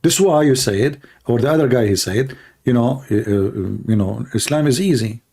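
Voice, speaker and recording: A man arguing in a heated livestream debate, challenging listeners in broken, non-standard English and clearing his throat often. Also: mid-range voice, lively intonation, fairly quick, mellow.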